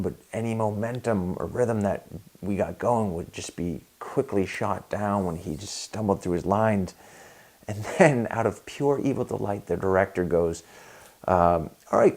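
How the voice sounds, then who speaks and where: A young man telling a comedic story about an audition in a dry, tired deadpan. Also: fairly low pitch.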